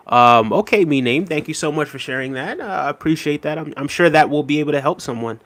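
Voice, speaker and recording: Reading out comments from viewers, this Jamaican live-stream host answers casually and conversationally, with plenty of "um" and "you know what I mean". He speaks at a quick pace in a voice on the high side.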